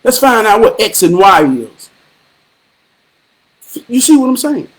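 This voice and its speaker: A man talking slowly into a live stream, his voice sitting noticeably high for a man. He preaches with blunt profanity and repeats phrases in a rhythmic, sermon-like way, now and then breaking into a shout. His drawn-out pacing gives it a lingering, heavy feel. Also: very animated. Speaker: livestream host. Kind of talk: motivational live-stream monologue.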